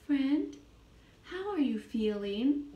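Slow, patient woman teaching children. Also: high voice, big pitch swings, muffled recording, crowd noise. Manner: slow, patient, repeats each phrase for a child to copy. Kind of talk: children's English lesson. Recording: echoey room.

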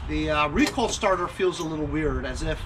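A man's voice: a little high, lively intonation, a little fast, very noisy. A man hosting a small engine repair channel, chatting casually with rambling asides and lots of fillers while he works. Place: home garage and car.

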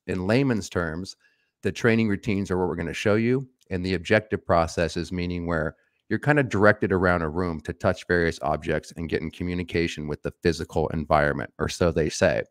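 A man with a very low voice hosts a casual explanatory show. He talks in a chatty, teasing way with fillers. His voice sounds dry and close to the mic. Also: dry recording. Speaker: podcast host.

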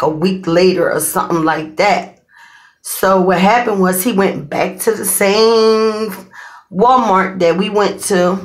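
A woman chatting casually to her viewers in a slangy, animated vlog. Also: medium pitch. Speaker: vlogger. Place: indoors, windy surroundings audible.

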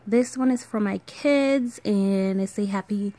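A woman in her thirties with a Caribbean island accent, rambling casually through a show-and-tell vlog with fillers and soft laughs. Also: mid-range voice, unhurried. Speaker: vlogger.

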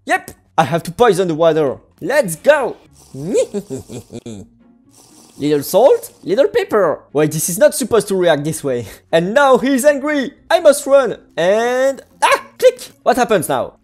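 A woman giving playful gameplay commentary, bubbly and quick to exclaim, giggle and hum little tunes. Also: medium pitch, darkish tone. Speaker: gaming video creator.

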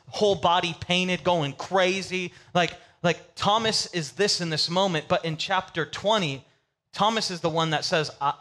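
A male pastor preaching a sermon in a casual, animated storytelling way with comic asides. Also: high voice.

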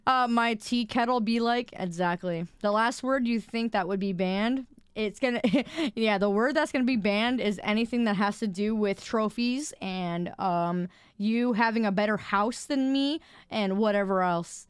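A woman's voice: medium pitch, normal speed, few pauses, clear, resonant tone, dry recording, studio quality. A young woman streamer chatting casually and rambling, laughing at herself as she trips over her words. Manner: giggly, rambling, self-mocking. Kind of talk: casual live-stream chat.

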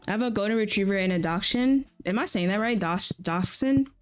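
Soft background music plays as a woman with a medium-pitched voice talks fairly quickly during a farming game live stream. Chatty and playful, she reacts aloud and answers her chat while playing.

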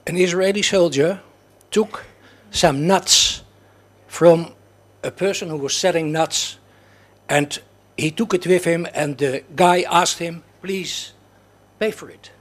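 A man in the audience telling a rambling story before his question, halting and full of fillers. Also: a little high, fairly even intonation. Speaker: audience member asking a question. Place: lecture hall.

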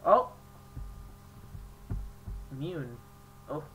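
A young man hosting his gaming channel, chatting casually and jokingly, reacting out loud as he plays an online battle at his computer. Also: a little high, lively intonation, extremely slow, background noise. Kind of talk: casual game commentary.

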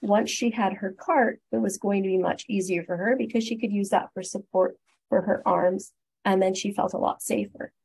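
A woman's voice: mid-range voice, steady tone, moderate pace, creaky, a little mellow, husky, poor audio. A Canadian woman presenting a webinar as a respiratory therapist, upbeat and encouraging, walking through steps one at a time. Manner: upbeat, encouraging, explains step by step. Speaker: guest speaker, respiratory therapist.

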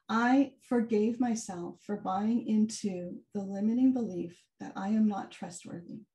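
A woman giving a keynote talk, telling a personal story in an animated way and acting out the quoted dialogue. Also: mid-range voice. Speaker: keynote speaker. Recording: far from the mic, some echo.

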